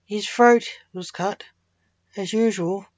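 A woman's voice: mid-range voice, slow, a little mellow, dry recording, muffled recording. A woman voicing Blake, a male detective and father, in an earnest, slightly raised voice while reading a story aloud. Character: male detective with seeing powers, calm father.

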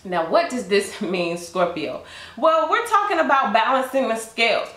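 Woman tarot reader, slightly high voice, storytelling to the listener, roomy echo. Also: sing-song, normal speed, a bit bright. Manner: addresses the listener directly, storytelling. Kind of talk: tarot reading told as a story.

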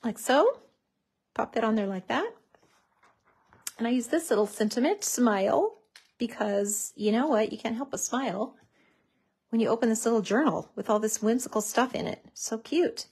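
Craft tutorial host, woman, higher-pitched, chatty and gushing, casual demo delivery. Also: animated, moderate pace, darkish tone, husky. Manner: chatty and gushing, says "so cute" often.

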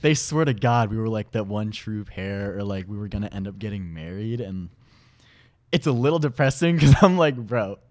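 A man's voice: fairly low pitch, normal speed. Laughing young man telling stories. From Washington State, US. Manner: animated storytelling, laughing often. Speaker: podcast guest. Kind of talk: casual chat.

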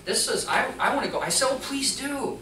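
A mechanics teacher giving an animated storytelling talk to an audience, acting out the other people in the story. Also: sits high, fairly quick, a little hiss or hum. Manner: animated, acts out the dialogue of others. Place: presentation room before an audience. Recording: echoey room, voice from a distance.

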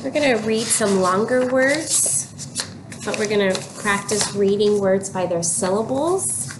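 A woman teaching an early reading lesson, giving slow, clear prompts and repeating cues for children to read aloud. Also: medium pitch. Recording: noticeable background noise.

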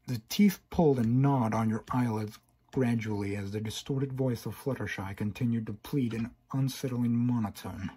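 Husky man reading horror. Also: medium pitch, moderate pace, a little mellow. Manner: second-person narration with stumbles and restarts. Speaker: narrator. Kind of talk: horror fan-fiction reading.

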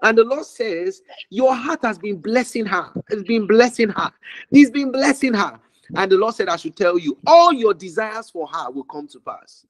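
A man's voice: sits high, expressive, normal speed, no echo, low-quality recording. A man ministering prophetically over a call, declaring fervently with much repetition and sometimes dropping to a whisper.

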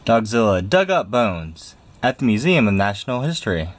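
A man reads a children's picture book aloud in a fairly low voice. His delivery is expressive and swings widely up and down, playing up the story's drama. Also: moderate pace, a little hiss or hum. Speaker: storybook reader.

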